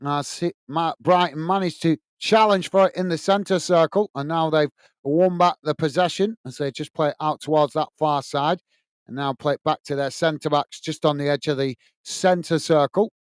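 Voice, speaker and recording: A chatty middle-aged man hosts a football watch-along. He calls the play and reads out viewer messages in a fairly high, smooth voice. The sound is dry and close. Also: fairly even intonation, moderate pace, dry recording. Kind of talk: live match commentary and chat reading.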